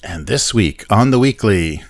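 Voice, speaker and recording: Low-voiced man hosting a podcast. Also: animated, measured pace. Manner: laughs often, many fillers, skeptical asides. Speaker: podcast host. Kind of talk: casual podcast chat.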